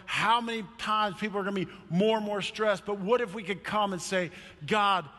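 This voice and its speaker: A male pastor preaching a sermon in church, telling a story with lively energy and acting out quoted voices. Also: high voice, brisk, long reverb tail.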